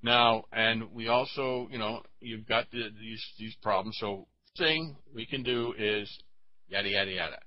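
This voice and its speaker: A man talking in a casual chat, rambling and halting with many fillers. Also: lowish voice, no room sound, lo-fi sound.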